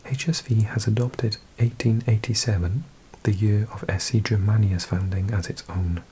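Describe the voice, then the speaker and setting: A man with a Welsh accent, hosting an ASMR video and reading aloud in a slow, hushed mix of whisper and soft speech. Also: on the low side, fairly even intonation, slight background noise, low-quality recording. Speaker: ASMR host.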